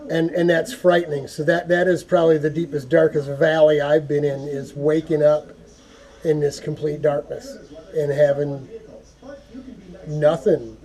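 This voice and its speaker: A man giving an earnest, folksy prayer talk to camera, halting and repeating words as he goes. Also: fairly high pitch, mellow. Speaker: go-kart hobby vlogger.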